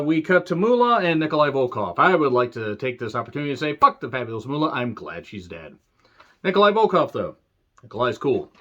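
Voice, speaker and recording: A man's voice: medium pitch, a bit bright. A man giving a casual, rambling wrestling review with sarcastic, crude humor. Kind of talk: casual spoken video review. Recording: dull lo-fi sound.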